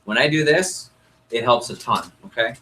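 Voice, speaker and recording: A young man running a sales training workshop, coaching a group and acting out customer dialogue in an energetic way. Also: mid-range voice, normal speed, a little hiss or hum, rough recording. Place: meeting room with group.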